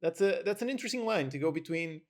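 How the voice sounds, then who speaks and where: A male host with a slightly high voice responds to his guest in a measured, reflective way. He weighs ideas out loud and uses small fillers as he goes. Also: expressive. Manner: measured, thoughtful, with "so yeah" fillers. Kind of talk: interview reply.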